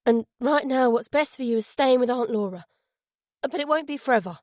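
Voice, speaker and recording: A woman's voice: a little high, brisk, darkish tone, dry recording, studio quality, voice pushed up, natural voice. A woman voicing a guilt-ridden father who forces lightness into his voice. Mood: strained. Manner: forced cheerfulness over guilt.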